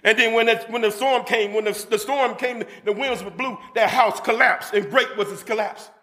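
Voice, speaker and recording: A man preaching a sermon to a congregation, fervent, breaking into shouts and calling for amens. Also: extremely high pitch, steady tone, normal speed. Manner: fervent, with shouted bursts and call-and-response to the congregation. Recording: long reverb of a church hall.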